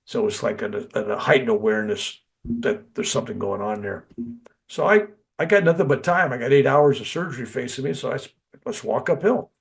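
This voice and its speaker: An older man telling a personal story in an animated way, acting out the people he quotes. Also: medium pitch, fairly quick, vocal fry. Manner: animated, quotes others in lively bursts. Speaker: guest recounting a near-death experience.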